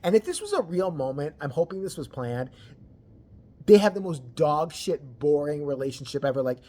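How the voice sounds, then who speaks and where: A person ranting about celebrity gossip, crude and mocking, swearing constantly and swinging between loud outbursts and low mutters. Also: sing-song, normal speed. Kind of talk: profane ranting commentary.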